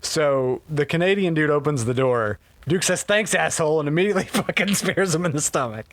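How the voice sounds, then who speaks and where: A man co-hosting a podcast, recapping a movie in a loose, profane, animated way that is full of laughs. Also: on the high side, brisk. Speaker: podcast co-host. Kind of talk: casual movie recap chat.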